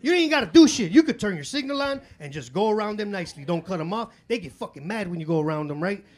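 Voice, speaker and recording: A man's voice: high voice, expressive, fast talker, a little mellow. Profane loose-talking man doing stand-up. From Chicago. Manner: loose, profane street talk with lots of fillers. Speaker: stand-up comedian. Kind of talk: stand-up comedy set. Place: comedy club stage.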